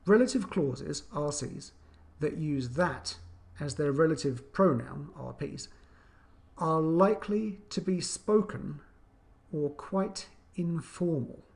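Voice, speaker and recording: A man's voice: slow, vocal fry. A man teaching an online English grammar lesson, chatty, with many fillers and restarts, acting out intonation as he explains. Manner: acts out intonation with animated pitch.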